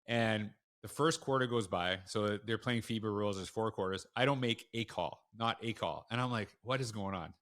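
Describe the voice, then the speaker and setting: Male guest, school leader, bright forceful voice, frank animated storyteller. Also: lowish voice, normal speed, hardly any pauses. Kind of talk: conversational storytelling.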